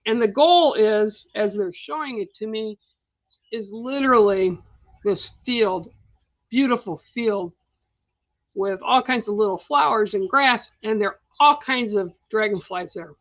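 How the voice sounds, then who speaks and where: A woman's voice: medium pitch, unhurried, a bit bright, dry recording, lo-fi sound. A middle-aged woman hosting a livestream, giving psychic card readings in a blunt, chatty way and laughing often. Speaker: psychic card reader, show host.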